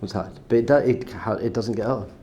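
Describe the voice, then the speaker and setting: A middle-aged man teaching a Torah class, acting out cheering crowds with gasps and sudden shouts. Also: medium pitch, brisk.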